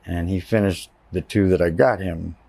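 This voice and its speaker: Deep-voiced man telling his story. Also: steady tone, normal speed, creaky, dark tone. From Texas. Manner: candid, plain-spoken storytelling. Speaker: interviewee. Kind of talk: personal testimony.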